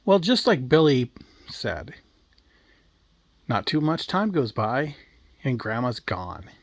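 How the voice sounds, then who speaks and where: A man's voice: mid-range voice, big pitch swings, slow pace, dry recording. A man narrating a crude, darkly comic story in a casual, offhand way.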